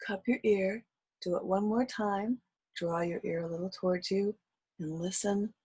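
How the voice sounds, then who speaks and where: A woman teaching a singing lesson, speaking gently and breaking into soft sung lullaby phrases. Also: mid-range voice, fairly even intonation, a little slow, breathy edge, low-quality recording.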